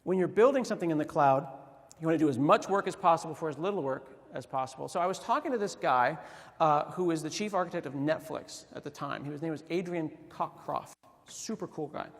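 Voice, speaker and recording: Animated man telling stories in a big hall. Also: fairly high pitch, a little fast. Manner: animated storytelling with quoted voices. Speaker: conference speaker. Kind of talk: humorous conference talk. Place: large conference hall. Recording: reverberant hall.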